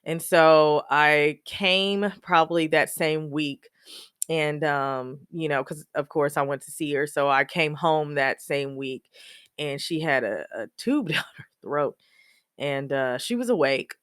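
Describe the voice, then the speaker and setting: A woman podcaster tells her own story in a loose, rambling way, full of "um" and "you know." She laughs often even when the subject is sad. Her voice sits a little low and the sound is dry, with no room echo. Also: measured pace, clear, resonant tone. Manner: laughs often while telling sad memories; many fillers like "you know" and "um". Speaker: podcast host. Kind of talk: personal storytelling, casual.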